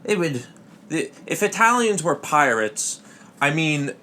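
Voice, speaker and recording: Slow, rambling comedy podcast guy. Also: on the high side, big pitch swings, sharp tone, slight background noise. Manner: halting, full of fillers and restarts, jokey asides. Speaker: podcast host.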